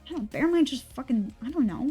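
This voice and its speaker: Give me a high-pitched woman streamer who swears a lot and rambles, with soft music behind. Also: animated, fast, husky. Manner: profane, ranting, rambling. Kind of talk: casual stream chat.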